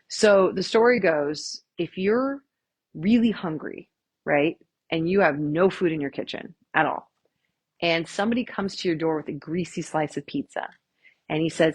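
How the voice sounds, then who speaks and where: A woman chiropractor leading a stress workshop in a chatty, self-mocking way and guiding the listeners through slow breathing counts. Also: low-pitched, breathy edge, no room sound. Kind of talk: casual live workshop talk.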